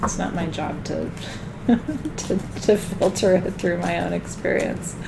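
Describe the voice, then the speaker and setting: Chatty gravelly woman reading cards. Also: on the low side, measured pace, background noise. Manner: chatty, laughs often, gets loud when joking. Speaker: tarot card reader. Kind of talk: live card reading, casual chat.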